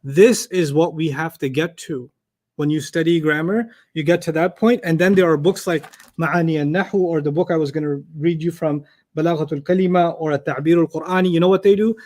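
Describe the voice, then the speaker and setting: A man gives a classroom lecture on Arabic, explaining word order through lively made-up examples and questions for his students. His voice is fairly high-pitched and his pace brisk.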